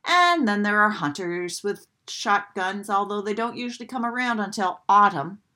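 A woman's voice: mid-range voice, animated, moderate pace, bright, forceful tone. A woman voicing a wise old male duck who lectures and warns about dangers. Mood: warning. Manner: lecturing, warning.

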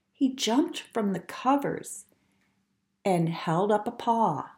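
A woman reading a rhyming storybook aloud in an expressive, playful way. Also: medium pitch, slow pace.

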